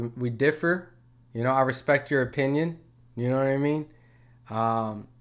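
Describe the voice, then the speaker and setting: A man commenting on a boxing match in a livestream. He talks casually, swears, and argues with viewers' comments. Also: mid-range voice. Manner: conversational, profane, argumentative.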